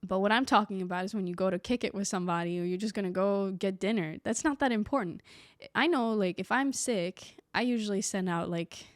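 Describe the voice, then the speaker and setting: A woman's voice: mid-range voice, fairly quick, no echo. Chatty young woman, dry close mic. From Sweden. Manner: chatty, animated, acts out quoted people. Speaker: vlogger. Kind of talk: casual reflective monologue.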